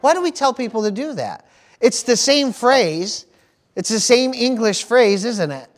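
A man's voice: very high-pitched, lively intonation, unhurried. A middle-aged man preaching a sermon, repeating phrases and dropping in praise interjections as he goes. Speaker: pastor.

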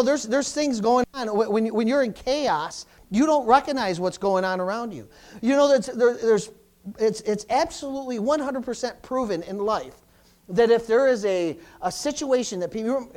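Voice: mid-range voice, expressive, moderate pace, a little mellow. A pastor preaching a sermon to a congregation in church, often restarting phrases and calling out "amen?" and "praise the Lord".

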